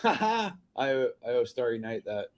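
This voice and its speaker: A man's voice: medium pitch, very animated, moderate pace. A man making dry, sarcastic offhand remarks beside a streamer during a casual chat.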